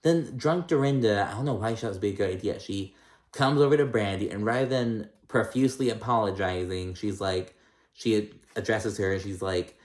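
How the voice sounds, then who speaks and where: A man's voice: lowish voice, a little fast, roomy sound. A man casually recapping a reality TV episode, chatty and gossipy, with lots of "like" and "um" and free swearing.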